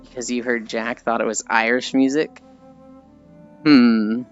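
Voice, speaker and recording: An American man chats casually on a live stream, rambling, reading the chat aloud, and laughing at his own stories. His medium-pitched voice moves little in pitch and runs a little slow. The audio is dull and lo-fi, with faint background music.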